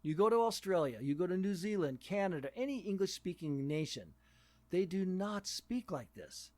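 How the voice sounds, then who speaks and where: A man's voice: high-pitched, sing-song, normal speed, warm tone. A man who teaches English, talking casually and stressing his points by repeating them. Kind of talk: casual conversation.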